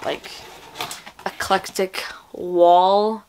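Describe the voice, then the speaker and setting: A woman's voice: lowish voice, steady tone, very slow, a little mellow, a little hiss or hum. A woman book vlogger in casual chat, rambling and chatty as she shows off books. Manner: chatty, rambling, talks to her pet.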